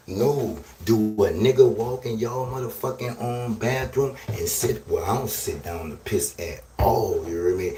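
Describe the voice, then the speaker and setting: A man hosting a live stream, delivering a loud, crude, rambling rant and checking in with "you hear me?". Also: fairly low pitch. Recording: roomy echo, distant from mic, faint noise.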